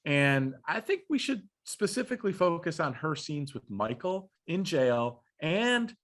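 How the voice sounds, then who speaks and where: Lively, slangy podcast co-host man. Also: fairly high pitch, measured pace. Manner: slangy and lively, swears freely. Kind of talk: casual chat.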